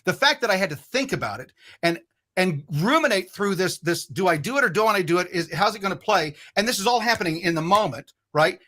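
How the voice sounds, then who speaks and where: Man, high-pitched, bright tone, casual podcast storytelling, rambling, swears a lot, restarts sentences. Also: lively intonation, brisk. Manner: rambling, profane, frequent restarts. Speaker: podcast guest.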